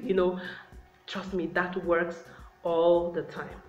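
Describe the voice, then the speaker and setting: A woman's voice: mid-range voice, steady tone, unhurried, soft background music. Chatty woman vlogger in a roomy space. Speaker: relationship advice vlogger. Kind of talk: casual advice talk to camera. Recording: roomy, slightly dull sound.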